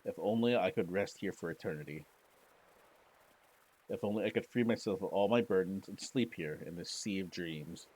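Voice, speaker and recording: A man's voice: low voice, moderate pace, a little mellow, husky, poor audio. A man streaming a text-based game, reading the story aloud dramatically with joking asides. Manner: theatrical narration broken by joking asides.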